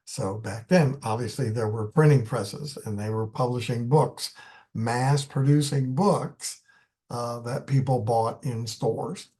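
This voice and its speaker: A man lecturing on poetry in a live online class, explaining in an unhurried way and thinking aloud with many fillers. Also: medium pitch, warm tone.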